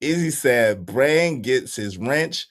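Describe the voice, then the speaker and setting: A young livestream host banters with his chat in animated, repetitive bursts, laughing frequently. His voice is medium in pitch and his pace is slow.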